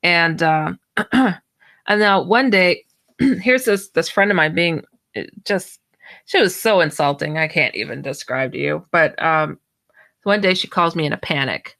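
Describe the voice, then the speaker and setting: A woman telling a personal story in a bright, forceful voice with a gravelly edge of fry. She rambles and restarts often, then leaps upward in pitch whenever she replays her own surprise. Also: a little slow. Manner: excitable, jumps high when acting out her own reactions; rambling with many false starts. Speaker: paranormal researcher guest. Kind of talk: animated personal storytelling in an online audio chat.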